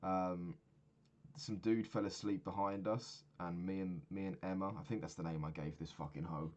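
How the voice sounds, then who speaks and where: Man in his twenties, deep low voice, casual sweary vlog recap, rambling. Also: steady tone, normal speed, a little mellow, highs cut off. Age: 20s. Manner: rambling, swears a lot, laughs at own stories. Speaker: vlogger. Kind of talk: casual travel recap monologue.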